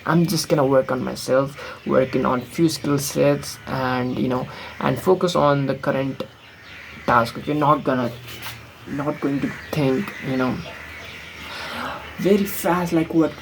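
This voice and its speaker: Speaking with vocal fry at an unhurried pace, a young Nepali man addresses the camera in a casual vlog, his medium-pitched voice keeping fairly even intonation. His English carries an American-influenced accent from films, and he rambles bluntly with plenty of fillers. The rough recording has a slight hiss or hum.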